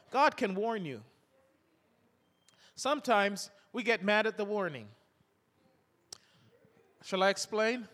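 A man's voice: sits high, lively intonation, takes it slowly, pauses often, a bit bright, in a large hall. An older man preaching a sermon, reading scripture aloud between homely stories.

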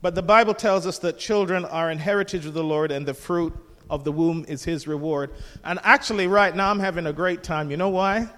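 A man's voice: high voice, fairly even intonation, fairly quick, few pauses, fairly bright tone, long reverb tail. An older man preaching a sermon as pastor, jovial and conversational, asking the congregation questions.

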